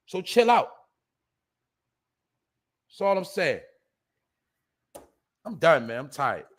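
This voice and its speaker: A man hosting a casual live stream, talking loosely in street slang and shouting out viewers in the chat. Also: on the high side.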